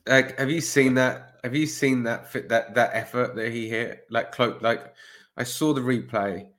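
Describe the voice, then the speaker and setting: A man, a football podcast pundit talking in calm, reassuring casual chat, with casual swearing. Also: medium pitch, measured pace.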